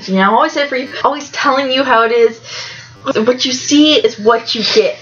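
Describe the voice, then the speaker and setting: A woman's voice: sits high, moderate pace, a bit bright, highs cut off, slight background noise. A young woman co-presenting a comedy sketch, teasing and sarcastic.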